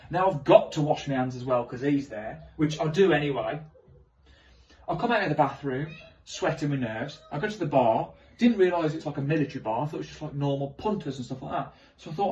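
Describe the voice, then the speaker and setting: A man doing animated, self-mocking stand-up storytelling on stage. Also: fairly high pitch, brisk, far from the mic, dull audio. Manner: animated, self-mocking, swings into loud exclamations. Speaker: stand-up comedian.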